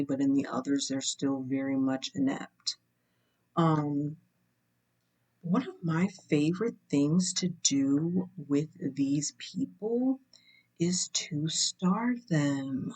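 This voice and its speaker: A young woman vlogger telling a personal story to camera in a candid, wry way, slowing down to stress her points. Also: deep voice, darkish tone. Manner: candid and wry, slows for emphasis.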